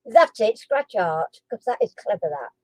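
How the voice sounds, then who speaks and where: A woman's voice: medium pitch, very animated, moderate pace, mellow, no echo, poor audio. A chatty woman, hosting a casual live chat and quiz stream, giggling and cooing to her dog between guesses.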